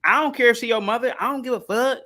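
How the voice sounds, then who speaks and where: A brash young American woman who swears freely and flatly refuses to do what she's told, as a man puts her on in a raised, bright voice. She is dismissive and mocking, talking down to anyone who gives her orders. The voice is pitched well above the man's own. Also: quick pace. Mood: defiant.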